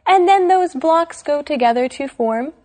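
This woman co-hosts an English lesson show. Her voice is high and her pace is slow. She lays out each idea clearly and deliberately for learners. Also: expressive, warm tone. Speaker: co-host of an English lesson program. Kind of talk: scripted educational chat.

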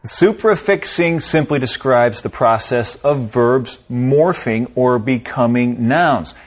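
Slow, calm man explaining grammar. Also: mid-range voice. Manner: calm, measured, gives example sentences. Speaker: language lesson co-host. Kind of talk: scripted explanation.

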